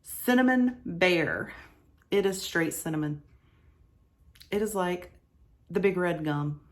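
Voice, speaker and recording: A woman's voice: on the low side, lively intonation, takes it slowly. A woman casually reviewing home fragrance products, gushing and repeating words for emphasis as she reads out product descriptions.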